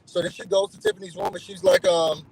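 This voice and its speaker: Fast and high-pitched, with creakiness and a breathy edge, a man retells a reality show for his channel. He's casual and lively, putting on other voices to act out quotes, all in a rough recording.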